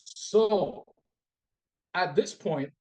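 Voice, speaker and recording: A man's voice: high-pitched, extremely slow. A man guest on a podcast telling a personal story, acting out both sides of the talk and often repeating and restarting his phrases. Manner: animated storytelling, acts out both sides of a dialogue.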